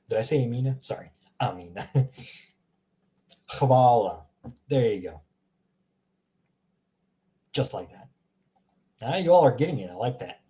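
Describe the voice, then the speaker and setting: A man giving a casual language lesson, saying example words again and again in a relaxed way with small laughs. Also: medium pitch. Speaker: language teacher.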